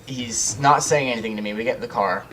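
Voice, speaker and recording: A young man telling a long personal story over gameplay at an average pitch. He rambles, swears freely and laughs through it in a casual, unpolished way. A faint hiss sits under his voice. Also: fast, sharp tone. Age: young adult. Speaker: gaming channel host.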